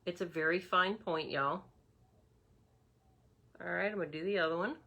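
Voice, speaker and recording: A woman's voice: on the low side, moderate pace, bright, forceful tone. A woman giving a chatty makeup tutorial, talking straight to her viewers. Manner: chatty, addresses viewers as y'all. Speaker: makeup demonstrator.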